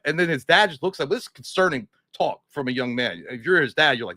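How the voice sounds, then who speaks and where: A man's voice: mid-range voice, expressive, fast talker, few pauses, bright, forceful tone, no echo. A man co-hosting a casual live recap chat, crude and joking, who slips into mocking voices. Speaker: podcast co-host.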